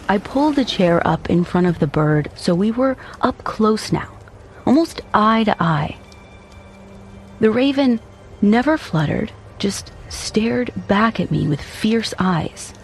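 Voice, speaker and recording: A man giving an intense, brooding first-person narration for an audio drama, over faint background music. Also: high voice. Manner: intense, brooding, haunted storytelling.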